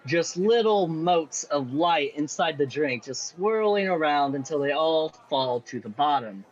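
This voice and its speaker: A man narrating as game master for a tabletop game, in an animated, playful way. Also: a little high, unhurried, highs cut off.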